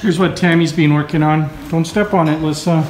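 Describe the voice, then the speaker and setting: A middle-aged man narrating his family's day in a relaxed, casual vlog, with dry teasing humor. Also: fairly high pitch, a little fast, a little hiss or hum. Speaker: father and family vlogger.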